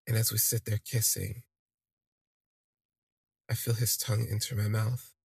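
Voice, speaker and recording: A man's voice: lowish voice, level tone, measured pace, creaky, darkish tone, breathy edge, no room sound. A man casually telling a personal story on his podcast, candid and rambling, with lots of fillers. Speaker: podcast host.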